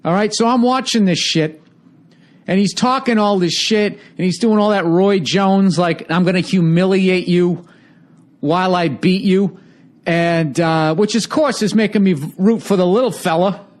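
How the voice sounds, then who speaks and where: Brief: comedian host in his forties, swearing, sarcastic rambling rant, high-pitched voice. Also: moderate pace. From United States. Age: 40s.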